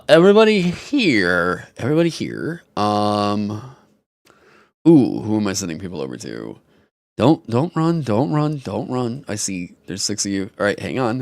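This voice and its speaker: A man hosting a casual live stream, talking in an animated, rambling way and swearing casually into a headset mic. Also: on the low side, creaky, no echo, clean studio sound. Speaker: streamer host.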